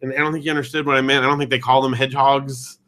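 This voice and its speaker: A man's voice: mid-range voice, little pitch movement, rapid-fire, pushed and bright. A man in his thirties from California, telling a travel story in casual chat and mimicking the voices he heard. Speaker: podcast co-host.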